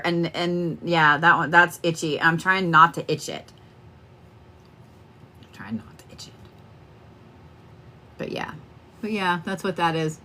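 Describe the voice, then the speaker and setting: A middle-aged woman runs a live stream as a card reader, chatting loosely and profanely with her audience. Her voice sits slightly low but rings bright and punchy. She rambles and circles back in an easy, unfiltered way. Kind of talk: casual live-stream chat to viewers.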